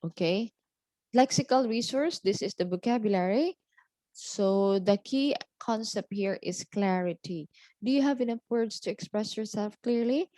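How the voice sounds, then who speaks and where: A woman teaching exam speaking skills in a deliberate, explanatory way, often pausing on "okay" and "so" between points. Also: mid-range voice, dark tone, dry recording. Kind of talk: explanatory lesson.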